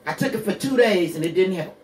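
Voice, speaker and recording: A woman's voice: on the low side, expressive, fast talker, darkish tone, reverberant, recorded from a distance, slight background noise. A woman in her sixties hosting a radio show, telling her own hard story bluntly, with curses and rhetorical questions. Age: 60s. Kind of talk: candid personal monologue.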